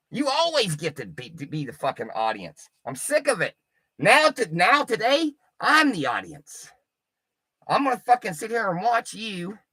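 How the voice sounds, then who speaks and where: Brief: middle-aged male streamer, taunting and foul-mouthed, bright forceful tone, very dry sound. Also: high voice, husky, no room sound. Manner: profane, taunting and mocking. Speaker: livestreamer. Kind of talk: rambling livestream rant.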